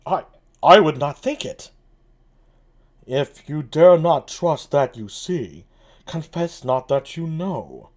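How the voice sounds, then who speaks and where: A man's voice: fairly high pitch, expressive, slow, a little mellow. A man doing a mopey, sighing villain. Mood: mopey scheming. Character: mopey sulking male villain, sighing and gloomy. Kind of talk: solo play reading on a stream.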